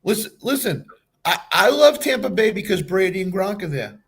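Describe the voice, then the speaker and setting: A man's voice: sits high, sing-song, normal speed, husky. A man guesting on a football podcast, talking emphatically and repeating short phrases for punch. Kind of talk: casual sports talk.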